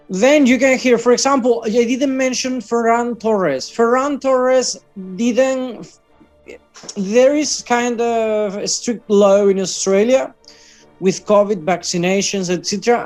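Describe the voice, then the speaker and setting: A man's voice: high voice, darkish tone. A man from Catalonia, chatting casually about football news, often hesitating and correcting himself.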